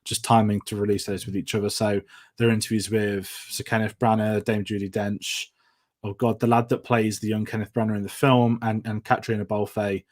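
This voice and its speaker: Hosting a film review show, a man speaks briskly in a fairly low, level voice. He keeps it casual while going over what's coming up.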